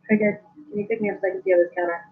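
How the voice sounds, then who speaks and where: A woman's voice: medium pitch, fairly even intonation, rapid-fire. A woman playing a tabletop game, talking in a blunt, offhand way. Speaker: player. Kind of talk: casual tabletop game play. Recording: tinny phone-like line.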